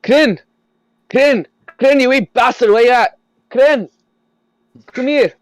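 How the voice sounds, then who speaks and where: Guy doing a coarse railroad boss, low smooth voice, bellows at his men. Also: fairly even intonation, a little fast, a little mellow, no echo, lightly acted. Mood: bellowing.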